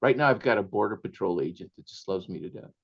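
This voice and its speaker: A man from Tijuana, an author, telling stories in a radio interview with animated delivery and frequent laughter. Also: sits low, fast talker, creaky, muffled recording. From Tijuana, Mexico. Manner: animated storyteller who laughs often and acts out quotes.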